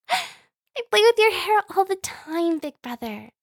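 A woman voicing a teasing, clingy adult younger sister in a whispered role-play, with playful breathy whispers and frequent giggles. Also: extremely high pitch, wildly swooping pitch, slow pace, no echo, exaggerated voice.

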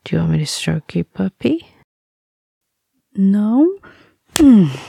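A young woman acting as a possessive, domineering captor in a whispered role-play, with slow teasing talk, soft laughs and hums. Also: medium pitch, slightly rough, dry recording, clean studio sound, full character voice.

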